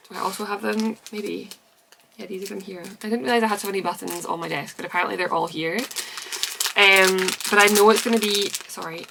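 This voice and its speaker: A woman talking casually from her desk, candid and chatty, thinking out loud with plenty of ums. Her voice sits fairly low but has a bright, forward edge with a gravelly fry running through it. She sounds set back a little from the microphone. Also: distant mic. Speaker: knitting podcast host. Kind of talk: casual solo podcast chat.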